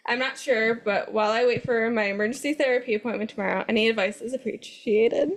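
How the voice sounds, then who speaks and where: A woman co-hosting a podcast, reading forum posts aloud with an animated, laughing manner. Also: a little high, fast. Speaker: co-host.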